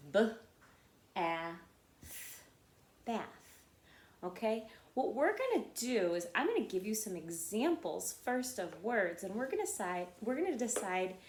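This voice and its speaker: A woman's voice: on the low side, echoey room. A woman teacher giving a patient phonics lesson to children, often checking in with "okay?" and "right?".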